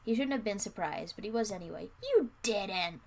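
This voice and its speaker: Gravelly young woman, self-mocking reader. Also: medium pitch, lively intonation, quick pace, darkish tone. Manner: self-mocking, laughing at her writing. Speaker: reader of her own old fan fiction. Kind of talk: casual reading aloud.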